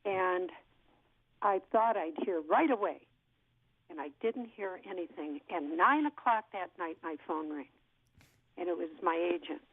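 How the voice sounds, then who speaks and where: A woman's voice: fairly low pitch, measured pace. Woman telling a story over the phone. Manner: lively storyteller who acts out what people said. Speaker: actress guest. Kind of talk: storytelling interview. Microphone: telephone. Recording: tinny phone line.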